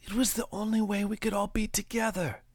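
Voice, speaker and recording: A man's voice: high-pitched, little pitch movement, brisk, dry recording, studio quality, voice pushed up. A man voicing a tall young man pleading with his angry partner.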